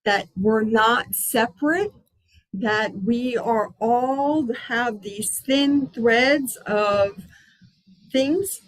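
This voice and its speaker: A woman hosting a spiritual healing circle over a video call from her outdoor patio, talking in a gentle, unhurried, chatty way. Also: on the high side, rough recording.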